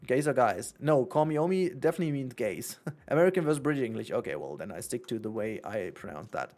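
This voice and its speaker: A man with a German accent talks loosely as he streams a game, his pitch sitting in a middle register. He rambles, doubles back on his words and breaks into laughs, with the easy, chatty flow of a long livestream. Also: very animated, fast talker, darkish tone. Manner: rambling, chatty, self-correcting, laughs often. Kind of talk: casual livestream gaming chat.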